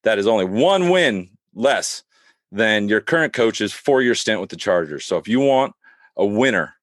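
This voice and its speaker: A man's voice: lowish voice, no room sound, studio quality, natural voice. A man playing a brash, boastful male football coach with a put-on Southern drawl. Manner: cocky, swaggering. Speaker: podcast co-host.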